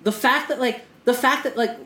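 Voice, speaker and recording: This co-host's voice is very high-pitched, bright, and forceful, with fairly even intonation at a moderate pace. Recorded in an echoey room, he speaks with impassioned, profane intensity in a casual podcast conversation, often restarting.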